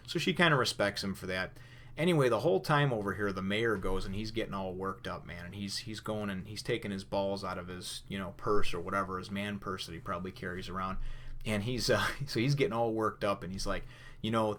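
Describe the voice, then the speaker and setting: Speaking briskly in a lowish, somewhat bright voice over slight background noise, this manga reviewer walks through a comic chapter and shares his take. His talk is rambling and full of "you know" and restarts, and now and then he loosely performs the characters' lines.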